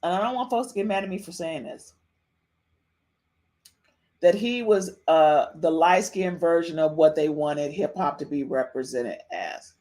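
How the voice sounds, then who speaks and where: A woman's voice: low-pitched, measured pace, mellow. Chatty woman podcast host. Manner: chatty, repeats phrases, frequent "okay?" tags. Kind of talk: casual live-stream commentary.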